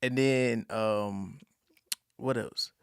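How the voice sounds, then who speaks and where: A young man from North Carolina with a country accent, telling stories in a relaxed, drawling way as a podcast guest. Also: mid-range voice, very slow, smooth, no echo, studio quality. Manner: drawling, easygoing storyteller with country slang. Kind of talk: casual interview chat.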